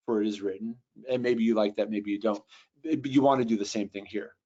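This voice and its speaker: A man teaching Bible translation in a webinar, thinking aloud with fillers and restarts, and reading Greek words slowly. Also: on the low side, darkish tone. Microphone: computer mic on a video call. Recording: dull lo-fi webinar audio.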